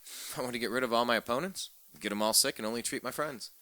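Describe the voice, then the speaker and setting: Brief: man, radio talk host, bright edgy tone, sarcastic rant with stumbling repeats. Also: mid-range voice, fast talker, no room sound. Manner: sarcastic, ranting, repeats words when fired up. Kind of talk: political talk radio monologue.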